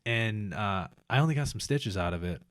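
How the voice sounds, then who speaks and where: Low-voiced man, profane rambling storyteller. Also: normal speed, no echo, clean studio sound. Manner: profane, rambling, animated retelling. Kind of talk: casual chat, storytelling.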